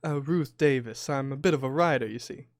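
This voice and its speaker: A man's voice: mid-range voice, fairly quick, no echo, clean studio sound, lightly acted. A man voicing a smirking, poised young female journalist in a tabletop game. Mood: poised, prim. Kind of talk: tabletop game role-play.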